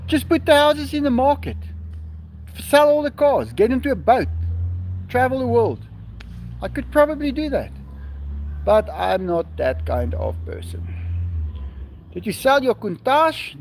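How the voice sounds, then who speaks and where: Man, high voice, bouncy intonation, live-stream host, reads comments aloud, outdoors. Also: wildly swooping pitch, a little slow, gravelly, pauses often, a little hiss or hum. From South Africa. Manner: reads viewer comments aloud and answers them. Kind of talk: casual live-stream chat.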